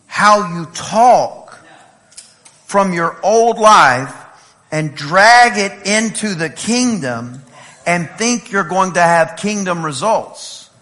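A man from East Texas with an East Texas accent, preaching a lively sermon and telling playful stories to his congregation. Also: sits high. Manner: animated, playful storytelling with laughs and shouts. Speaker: pastor.

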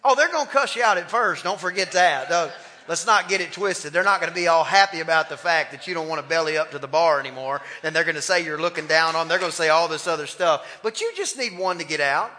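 A man's voice: fairly high pitch, quick pace, pushed and bright. A man preaching a sermon as pastor, impassioned and calling on the congregation to respond. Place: church sanctuary. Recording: long hall reverb in a church.

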